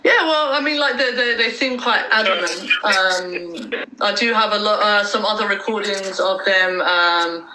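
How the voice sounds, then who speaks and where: A woman hosts a casual livestream, halting and full of ums as she talks to her viewers and reads chat aloud. Her voice is very bright, and the room around her rings with echo. Her pitch sits in the middle. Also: slight background noise. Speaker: livestream host.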